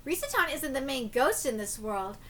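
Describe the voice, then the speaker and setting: A woman reading aloud and voicing a sly teenage girl ghost who mixes bubbly slang with quiet threats. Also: sits high, sing-song, moderate pace, voice pushed down. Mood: threatening.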